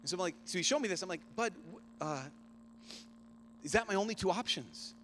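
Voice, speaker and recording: A man in his thirties, a priest, giving a youth conference keynote, telling a personal story earnestly, often hushed and rising with feeling. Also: high voice, lively intonation, brisk, a little hiss or hum.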